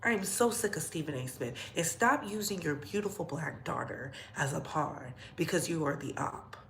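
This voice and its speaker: A woman's voice: deep voice, animated, normal speed, slight background noise. A woman vlogger ranting bluntly and profanely in heated commentary, in an echoey room.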